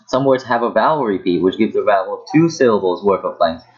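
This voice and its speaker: Guy teaching a lesson, very low voice, keeps repeating himself, muffled lo-fi audio, hair dryer going. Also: lively intonation. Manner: halting, repeats words while demonstrating pronunciation. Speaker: language teacher. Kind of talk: casual online lesson. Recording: dull lo-fi sound with hair dryer noise behind. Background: hair dryer noise.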